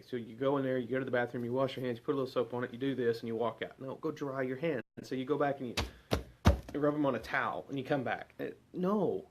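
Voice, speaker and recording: A man's voice: medium pitch, dull audio. Man preaching a casual devotional sermon. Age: adult parent. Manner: conversational, asks rhetorical questions.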